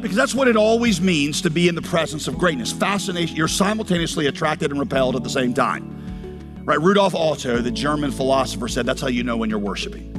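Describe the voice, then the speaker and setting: A man from North Carolina preaching a sermon, animated, telling stories and acting out quotes, sometimes shouting. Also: a little high. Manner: animated storytelling with acted quotes, rises to shouts. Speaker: pastor. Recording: long hall reverb.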